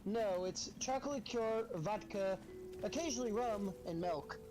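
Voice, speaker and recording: A man's voice: high-pitched, moderate pace, music in the background. A man with a lisp chatting playfully and theatrically while gaming with a friend, heard over a voice call. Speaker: co-player on a game stream. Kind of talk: casual gaming chat.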